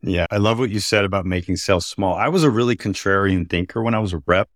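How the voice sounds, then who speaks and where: A man's voice: low voice, quick pace, dry recording, studio quality. A man from Texas, a sales panelist, telling an anecdote animatedly and acting out quotes. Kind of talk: storytelling in a roundtable.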